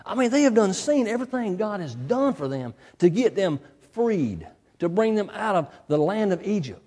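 A man preaches with folksy emphasis, circling back to repeat the lines he wants to land. His voice sits a little high, with a soft, mellow tone. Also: very animated, normal speed, in a large hall. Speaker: pastor. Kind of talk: sermon.

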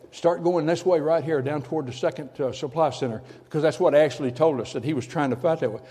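Older man, hushed dramatic testimony. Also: on the high side, long reverb tail. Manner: drops from loud to hushed near-whisper for effect. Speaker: speaker giving a testimony. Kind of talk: dramatic personal storytelling to an audience.

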